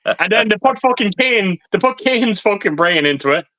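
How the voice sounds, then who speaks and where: A man with a bright, sharp voice grumbles sarcastically through a film chat, swearing freely. The sound is dry and close, a little muffled like lo-fi stream audio. His pitch sits slightly high. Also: lively intonation, moderate pace, no room sound.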